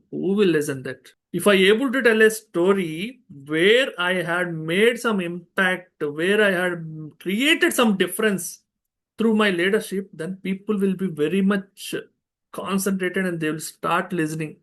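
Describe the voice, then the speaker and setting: A man's voice: sits high, unhurried, a bit bright. A man with an Indian English accent giving an online public speaking workshop, earnest and emphatic, with frequent fillers. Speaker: speaker and trainer.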